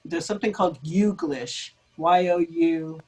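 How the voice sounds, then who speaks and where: A woman speaks as a linguist guest in a relaxed interview. She is chatty and self-deprecating and fills her pauses with ums. The sound is that of a video call. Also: sits low, breathy edge, poor audio. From United States. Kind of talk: conversational interview.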